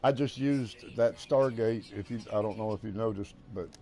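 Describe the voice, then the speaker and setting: An older American man chatting casually while playing a game, with a folksy, halting drawl. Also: lowish voice, mellow. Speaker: gaming streamer.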